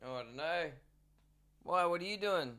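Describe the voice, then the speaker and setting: A man's voice: sits high, animated, normal speed. Tired, self-mocking man streaming music. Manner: joking, self-mocking, swears often. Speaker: musician streaming a songwriting session. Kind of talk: casual live-stream chat while recording. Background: loud music from the track being recorded.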